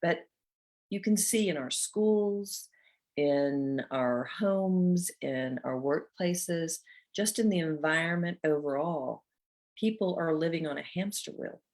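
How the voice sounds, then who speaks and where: A woman's voice: low-pitched, takes it slowly, darkish tone. A middle-aged woman hosting a motivational talk, telling a personal story in an earnest, heartfelt way. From North Georgia, USA. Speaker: host.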